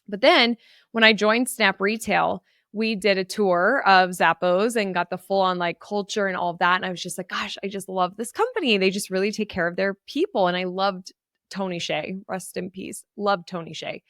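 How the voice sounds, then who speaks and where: A woman's voice: medium pitch, fairly even intonation, normal speed, fairly bright tone, dry recording, studio quality. A woman hosting her own podcast, giving a chatty, enthusiastic solo update that gets emotional at times. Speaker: podcast host.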